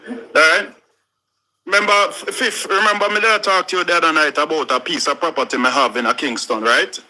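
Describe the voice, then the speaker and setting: A man's voice: a little high, brisk, bright, forceful tone, rough recording. A man with a Jamaican accent, a caller on a live stream, talking casually in patois. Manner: talks in patois, recounting at length. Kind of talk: casual chat.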